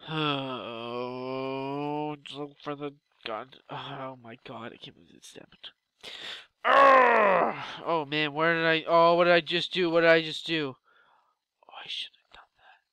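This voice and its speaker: A young man giving loud, exasperated Let's Play commentary with swearing outbursts. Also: a little high, fairly even intonation, unhurried, pauses often, smooth, no echo. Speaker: gaming YouTuber.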